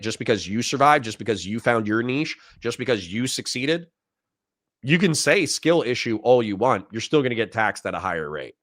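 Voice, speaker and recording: A man's voice: mid-range voice, a bit bright, no echo, clean studio sound. Laughing, apologetic man hosting a stream. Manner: laughs hard and apologizes repeatedly. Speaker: streamer host. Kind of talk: casual political debate stream.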